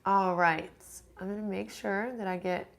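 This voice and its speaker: A woman's voice: medium pitch, steady tone, moderate pace, gravelly. A woman hosting a casual live-stream Q&A, reading viewer comments aloud and answering them in a rambling, chatty way. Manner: rambling with frequent restarts.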